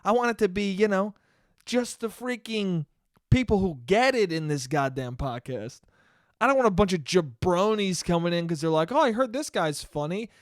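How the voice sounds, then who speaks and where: A man's voice: sits high, normal speed, no echo, studio quality. A young man hosting his own podcast, talking in a heated, profane and emphatic rant. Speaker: podcast host.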